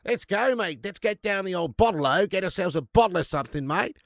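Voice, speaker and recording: A man's voice: high-pitched, lively intonation, a little fast, no room sound, studio quality, voice pushed up. A man voicing a brash, rowdy Australian bloke in a hammy put-on Australian accent. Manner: hammy, shouty, exaggerated slang.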